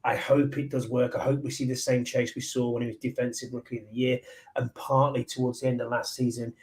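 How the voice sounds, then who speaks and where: A man's voice: mid-range voice, flat delivery, fairly quick, darkish tone. A man with a Liverpool accent co-hosting a casual sports podcast, talking in an eager, rambling way. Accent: Liverpool English. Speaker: podcast co-host.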